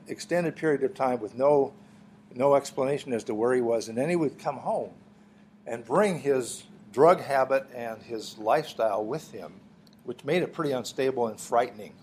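A middle-aged man delivers a sermon to his congregation. His voice has a slight huskiness and sits at an ordinary pitch. He teaches earnestly, restarting phrases and clearing his throat now and then. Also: a little mellow. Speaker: pastor.

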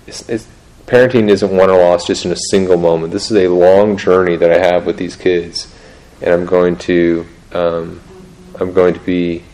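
A middle-aged man talking through parenting in a casual, halting way, restarting sentences often and laughing at himself. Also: low-pitched, a little mellow, poor audio. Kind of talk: casual teaching talk on parenting.

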